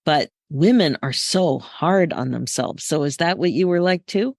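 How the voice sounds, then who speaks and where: A woman's voice: low voice, animated, unhurried, a little mellow, dry recording, studio quality. Encouraging woman podcast host. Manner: friendly, encouraging questions. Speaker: podcast host, midlife coach. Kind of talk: casual interview hosting.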